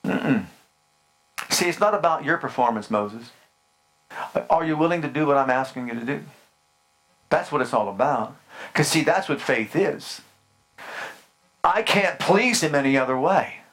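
A man's voice: on the high side, a little slow, pauses often, fairly bright tone. A man preaching a sermon with fervent, emphatic declarations and rhetorical questions to his congregation.

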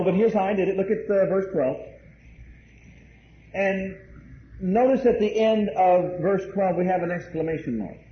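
A male pastor preaching a sermon, emphatic, repeating key phrases and addressing the congregation directly. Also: high voice. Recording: roomy, dull, faint hiss.

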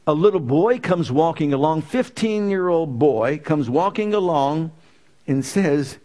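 Emphatic preacher man, fairly high voice. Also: animated, a little slow, mellow. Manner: emphatic, repeating phrases with rising intensity. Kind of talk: sermon.

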